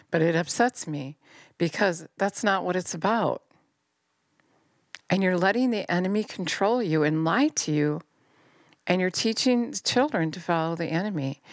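A middle-aged woman giving an impassioned sermon, fervent and scolding, swinging from near-shouts down to low intense tones. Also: no room sound, studio quality. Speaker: preacher.

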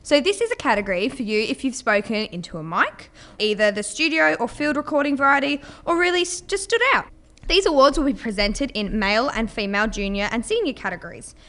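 A woman's voice: on the high side, expressive, brisk, fairly bright tone. A young woman hosting an awards show with a cheerful, upbeat delivery. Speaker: awards host.

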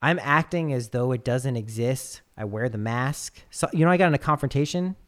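A man in his thirties from the United States, a podcast host telling stories in casual chat, animated and full of swearing. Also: mid-range voice, moderate pace. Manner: profane, animated storyteller.

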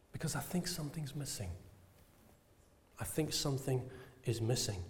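Passionate British preacher in an echoing hall. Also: male voice, mid-range voice, a little mellow. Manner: passionate, with rhetorical questions and slow emphatic phrases. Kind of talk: sermon.

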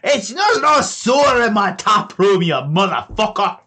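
A man voicing a hostile, foul-mouthed male halfling tavern keeper who shouts and threatens. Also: sits high, lively intonation, slow pace, gravelly, voice pushed up, heavily acted. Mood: angry.

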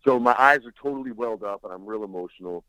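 Deep-voiced man telling a rambling story. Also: fast, clean tone, no echo, rough recording. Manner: animated, rambling, laughs while telling. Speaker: guest. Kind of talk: casual storytelling.

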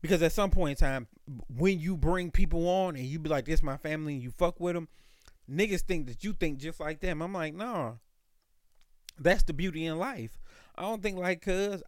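In a fairly high voice, a man runs his own podcast as a casual solo monologue, spinning stories with loose, profane slang. He's an adult who refers to himself as an old dog, and the clean studio recording has no echo.

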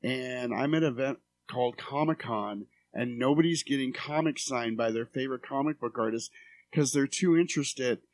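A man in casual chat, telling an animated, swearing story about a convention. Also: mid-range voice, normal speed. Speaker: podcast co-host.

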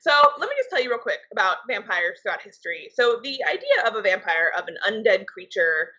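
Young adult woman, podcast co-host, bright voice, husky edge, dull lo-fi sound. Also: medium pitch, sing-song, fairly quick. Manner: loose, conversational explainer. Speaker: podcast co-host, writer and editor. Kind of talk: casual podcast chat.

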